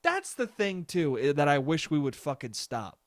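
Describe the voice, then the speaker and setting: A man's voice: a little high, big pitch swings, normal speed, dry recording. Rambling, profane young man, dry close sound. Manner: rambling, profane, laughs often. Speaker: podcast host. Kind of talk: solo casual podcast monologue.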